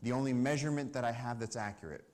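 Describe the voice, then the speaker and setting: A man giving a storytelling talk about wildlife on a summit stage to a live audience, animated and acting out the people he quotes. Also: medium pitch, rapid-fire. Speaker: conservation speaker.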